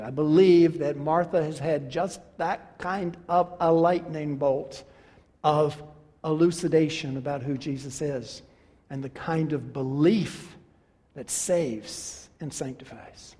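A man preaching a sermon, emphatic and rhetorical, repeating his questions and swinging between hushed and loud passages. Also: on the high side, slow pace. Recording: long reverb of a large hall.

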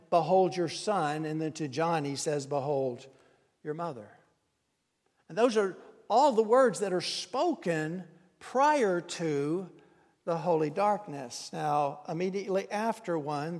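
A man preaching a sermon, swinging from hushed, slow lines to loud, impassioned crying out. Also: a little high. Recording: long reverb of a hall.

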